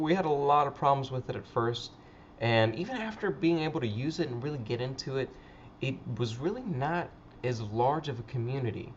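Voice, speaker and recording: A man's voice: mid-range voice, highs cut off, a little hiss or hum. A man hosting a casual livestream chat, rambling with frequent stammers and swearing. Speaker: livestream host.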